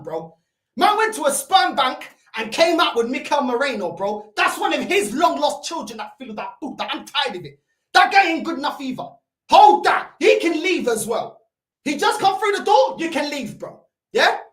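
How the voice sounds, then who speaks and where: A woman with a London accent hosting a football fan stream, ranting heatedly, shouting and swearing, and dropping into Portuguese curses. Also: high voice. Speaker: football fan channel host. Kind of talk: ranting live-stream reaction. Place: room at home by a computer. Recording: roomy echo.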